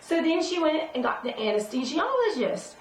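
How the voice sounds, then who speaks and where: Casting: chatty woman vlogger, a bit high-pitched, rambling, recorded at a distance from the mic. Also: very animated, moderate pace. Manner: rambling, with many fillers and restarts. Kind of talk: casual storytelling vlog. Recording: roomy sound from away from the mic, faint noise.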